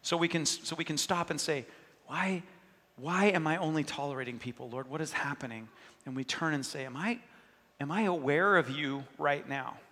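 A man's voice: fairly high pitch, moderate pace, sharp tone, big-room sound. A man preaching a sermon, earnest and conversational, voicing inner thoughts and prayers as he speaks. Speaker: pastor.

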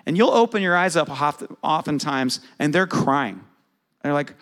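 A man's voice: on the high side, animated, normal speed, a bit bright. A middle-aged man preaching a sermon in a conversational way, asking his congregation questions. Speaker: pastor.

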